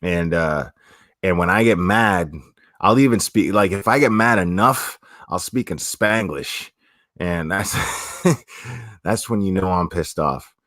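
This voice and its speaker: A man with a low voice and a fairly bright tone talks at a measured pace on his livestream. He's from South Florida, has the accent, and answers comments casually in a rambling, profane manner with many restarts. It's recorded at studio quality with no room sound.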